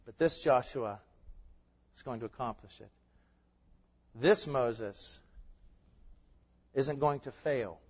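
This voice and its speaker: A man's voice: mid-range voice, slow pace, long pauses, husky. A man preaching a sermon, emphatic and building to fervent peaks. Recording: muffled sound with long hall reverb.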